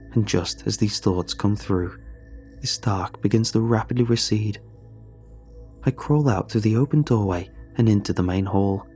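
A man narrating a story in the first person, reading it in a measured, steady way. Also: lowish voice. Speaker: audiobook narrator.

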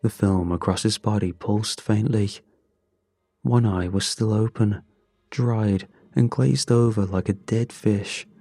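A man giving scripted horror narration in a slow, measured, grim first-person telling. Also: on the low side, warm tone, no room sound.

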